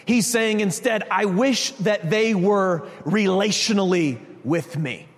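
A man preaching a sermon as a pastor, animated, acting out quotes. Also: high voice, slow. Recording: reverberant hall.

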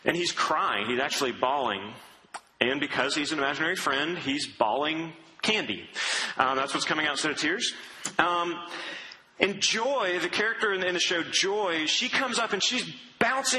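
A man preaching a sermon in an earnest, conversational way, often dropping to a soft, low tone. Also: lively intonation, moderate pace, a little hiss or hum, poor audio.

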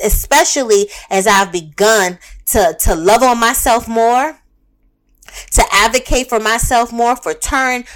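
A woman's voice: a little high, a bit bright. A woman, giving a candid motivational monologue in a profane, emphatic, repetitive, fired-up way. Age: 30s. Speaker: self-help speaker.

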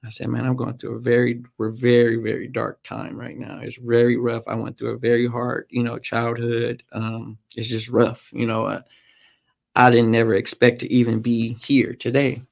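A man, a podcast guest, telling a personal story in a halting way with frequent pauses and "um"s. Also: mid-range voice, completely flat delivery, vocal fry. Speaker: podcast guest, motorcycle racer.

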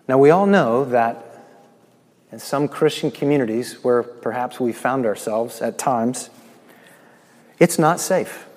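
A man preaching a sermon, swinging between loud proclaiming and quiet, hushed asides. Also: mid-range voice. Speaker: pastor. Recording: long hall reverb.

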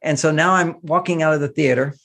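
Brief: middle-aged male advice author, gravelly tone, lively storyteller who acts out quotes. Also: a little high, quick pace. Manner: animated, acts out quoted voices. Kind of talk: warm advice talk with stories.

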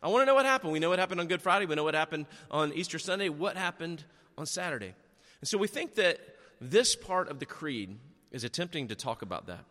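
A middle-aged man preaching a sermon, telling stories in an animated, chatty and self-deprecating way. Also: on the high side, a little fast. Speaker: pastor. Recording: long echo of a large hall.

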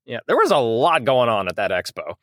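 Laughing man with a lively voice. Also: medium pitch, a little fast, dry recording, studio quality. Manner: laughs often, jokey, puts on voices when reading quotes. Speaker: podcast co-host. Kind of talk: casual comedic chat.

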